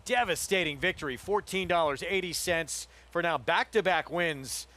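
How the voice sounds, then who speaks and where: A man's voice: fairly high pitch, normal speed, sharp tone. A man giving enthusiastic race analysis in a broadcast. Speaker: racing analyst.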